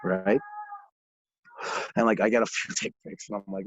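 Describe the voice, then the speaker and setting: A man's voice: on the low side, moderate pace, vocal fry, dry recording. A young man from Ontario, a podcast guest telling profane, laughing stories in casual talk. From Ontario, Canada. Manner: profane, laughing, animated storyteller. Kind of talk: casual storytelling. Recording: dull lo-fi recording, dry.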